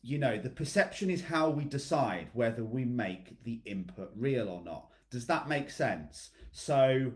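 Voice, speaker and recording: A man's voice: medium pitch, lively intonation, measured pace, hardly any pauses. A man coaching his fitness clients in a blunt, motivational talk, calling on them by name and checking in with "okay?". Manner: blunt, repeats "okay?", swears freely.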